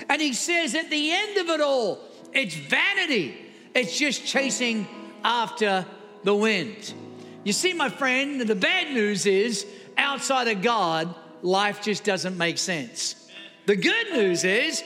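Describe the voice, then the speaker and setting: A male preacher with a strikingly high, bright voice delivers a storytelling sermon, tossing jokey asides to his listeners. His words ring out with a long hall reverb. Soft music plays underneath. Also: sing-song, takes it slowly.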